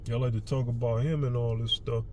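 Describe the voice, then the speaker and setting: Blunt ranting man, loud traffic behind. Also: mid-range voice, flat delivery, brisk. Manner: blunt and profane, keeps repeating "man". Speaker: social commentator. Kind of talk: heated commentary rant.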